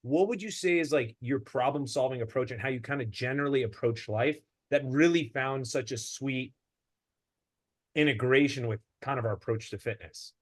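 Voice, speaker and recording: A man, a fitness coach, hosting a relaxed interview and swearing casually. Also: mid-range voice, normal speed.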